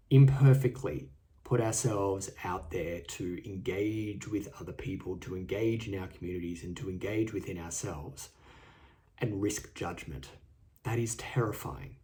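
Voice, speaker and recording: A man with an Australian accent hosting a solo podcast, earnest and halting, often repeating his words. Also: low-pitched, mellow. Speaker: podcast host. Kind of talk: reflective solo podcast talk. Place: indoors, seated. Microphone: studio microphone and camera.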